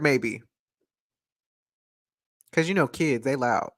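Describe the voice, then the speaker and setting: Playful, chatty astrology-tarot reader on a live stream, mid-pitched, unhurried delivery, close to the mic. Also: a bit bright, no room sound. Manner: playful, chatty, laughs often. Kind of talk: casual live-stream reading. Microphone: desk microphone, close.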